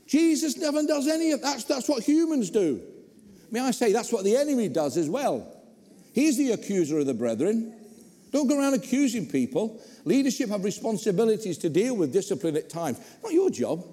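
A man preaching a sermon in a church, conversational and animated with humorous asides. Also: high voice, a little fast. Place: church hall. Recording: long reverb in a hall.

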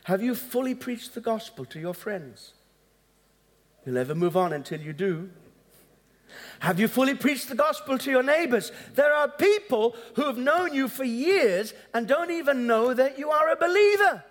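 High-voiced pastor guy preaching, chatty asides, acts out convos, echoing church hall. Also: expressive, moderate pace. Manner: conversational preaching with asides and chuckles; acts out both sides of dialogues. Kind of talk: sermon. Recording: long hall reverb.

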